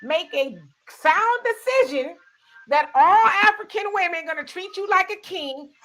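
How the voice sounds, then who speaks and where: Woman host, high bright voice, blunt and pushy in debate. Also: expressive, a little slow. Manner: blunt, challenging, talks over others. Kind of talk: casual group chat.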